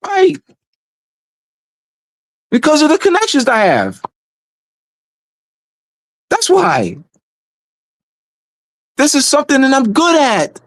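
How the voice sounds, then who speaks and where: A man's voice: very high-pitched, wildly swooping pitch, takes it slowly, long pauses, no room sound. A man speaking on a community livestream in a casual, emphatic way, repeating phrases for stress.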